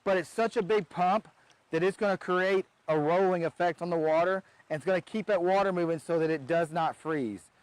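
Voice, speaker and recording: A man's voice: high-pitched, brisk, clean tone, no room sound, low-quality recording. A man who runs a pond business giving a casual how-to demonstration outdoors beside a backyard pond, chatty and often restarting his sentences.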